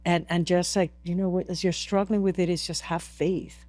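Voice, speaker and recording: A woman's voice: lowish voice, little pitch movement, moderate pace, a little mellow, no echo. A woman from Peru, a podcast interview guest, telling a story earnestly and emotionally, with many restarts.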